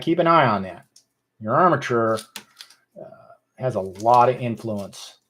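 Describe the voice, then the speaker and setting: A man chatting casually as he sculpts, rambling with many fillers and restarts. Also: lowish voice. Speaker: sculptor, channel host. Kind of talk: casual chat while sculpting.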